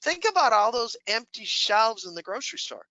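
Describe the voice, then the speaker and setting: A woman's voice: fairly high pitch, big pitch swings, moderate pace, bright, forceful tone, dry recording, highs cut off. A woman giving a webinar presentation who asks the audience questions and answers them herself, with dry humor.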